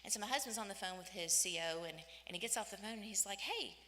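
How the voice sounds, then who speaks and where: A woman in her fifties giving an inspirational church talk, telling personal stories in an animated way and acting out the voices she quotes. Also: mid-range voice, quick pace. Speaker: women's day church speaker. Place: church hall. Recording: echoey church hall.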